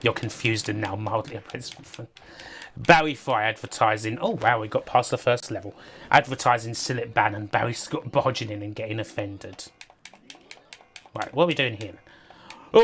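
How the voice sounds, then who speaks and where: A woman's voice: very deep voice, moderate pace, fairly bright tone, a little hiss or hum. A woman giving casual live-stream commentary on games, sardonic and sweary, often laughing. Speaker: game streamer.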